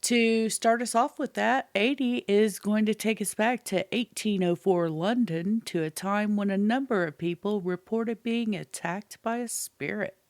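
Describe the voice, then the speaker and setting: A woman's voice: mid-range voice, unhurried, hardly any pauses, no echo. A woman co-hosting a podcast, chatting with dry, teasing humour. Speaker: podcast co-host. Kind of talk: casual chat.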